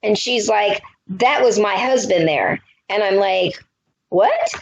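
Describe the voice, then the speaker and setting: A woman's voice: mid-range voice, measured pace, gravelly. A woman in her fifties, a psychic medium, telling a story on a radio show and acting out the quotes in it. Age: 50s. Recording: dull lo-fi audio.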